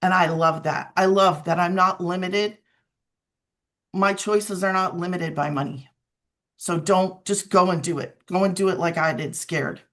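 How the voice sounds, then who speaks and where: A woman in her forties, a mother, sharing a personal testimonial on a video call, telling it in an animated way with emphatic repeats. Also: on the low side, unhurried.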